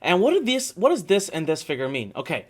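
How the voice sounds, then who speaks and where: A man in his thirties, talking to his audience in a loose, chatty workshop manner. He checks in with them often as he tells a story and walks through his numbers. His voice sits somewhat high for a man. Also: huge pitch swings, brisk, slightly rough. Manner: chatty storyteller, lots of "okay?" and "you know". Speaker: online marketing instructor. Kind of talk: live workshop teaching.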